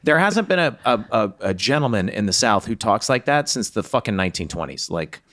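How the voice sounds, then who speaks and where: A man's voice: lowish voice, very animated, a little fast, fairly bright tone. A man from the American South, co-hosting a podcast in casual, emphatic chat. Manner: emphatic, talks through points with many fillers. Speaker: podcast co-host.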